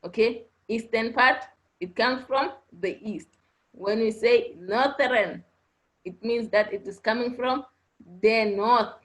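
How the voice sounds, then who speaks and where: A woman teaches a class over an online lesson, taking her time over each point. Her voice sits a little high, and she keeps circling back with a patient "okay?" to check that everyone follows. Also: slow pace, low-quality recording. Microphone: online video class audio.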